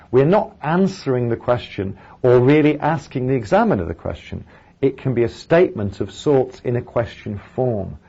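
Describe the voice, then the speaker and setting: A man's voice: medium pitch, vocal fry, mellow, slightly rough, dull audio. A male English teacher gives a recorded lecture over slides, explaining each step and then modelling sample sentences aloud.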